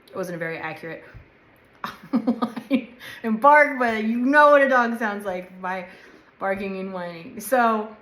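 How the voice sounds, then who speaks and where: A woman's voice: on the high side, unhurried, fairly bright tone. A woman dog trainer giving a casual instructional talk. She talks chattily and checks in often with "right?" and "okay?". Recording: echoey room.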